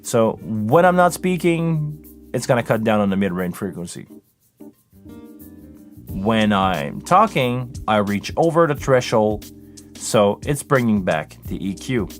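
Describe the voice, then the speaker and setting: A man hosts a live tech stream, explaining settings as he tweaks them. His voice sits on the lower side and he talks close into a vocal mic. Faint music plays in the background. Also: lively intonation, measured pace. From Montreal, Canada. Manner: hands-on, explanatory, talks while adjusting settings. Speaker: live sound engineer hosting a Q&A stream. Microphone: close vocal microphone running through a mixing console.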